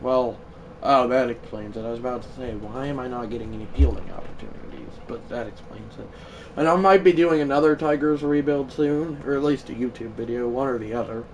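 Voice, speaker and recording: A man streaming a baseball video game live, chatting loosely and bursting into shouted play-by-play calls. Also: mid-range voice, brisk, distant mic, slight background noise, low-quality recording. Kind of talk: live gaming stream commentary.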